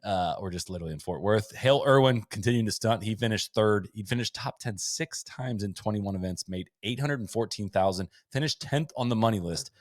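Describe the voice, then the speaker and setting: A man hosting a podcast in casual chat, rattling off lists of stats with quick asides. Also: on the low side, no echo, clean studio sound. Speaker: podcast host. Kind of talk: casual chat recapping a sports season.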